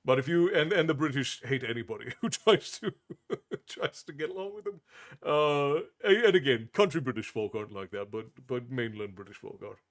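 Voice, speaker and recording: A man's voice: medium pitch, normal speed. A man hosting a livestream, chatting casually with viewers in a rambling way, full of restarts and chuckles. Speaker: livestream host.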